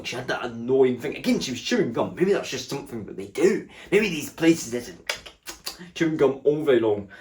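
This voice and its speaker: Animated man telling stand-up stories. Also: medium pitch, slight background noise. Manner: animated, acts out other people's lines in shifting voices. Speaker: stand-up comedian. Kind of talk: stand-up storytelling.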